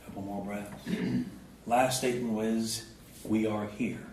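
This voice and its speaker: A man in his fifties giving a spiritual talk to a group. He slowly draws out short affirmations and tells relaxed, humorous personal stories. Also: on the low side, a little hiss or hum. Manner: slow, drawn-out chanting of short affirmations. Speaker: spiritual speaker. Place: indoor event venue before a live group. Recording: echoey hall recorded from a distance, faint ambience.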